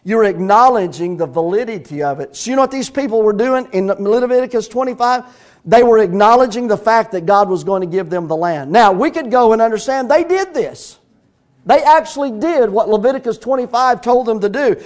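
Man, middle-aged pastor, high-pitched voice, folksy storytelling sermon. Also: fairly quick. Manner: storytelling preacher, animated, folksy, with shouts of praise.

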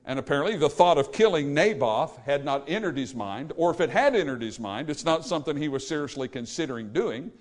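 A man's voice: fairly high pitch, lively intonation, fairly quick, hardly any pauses. A man delivers a sermon. He preaches bluntly and folksily, with asides to the listeners in the pews. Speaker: pastor.

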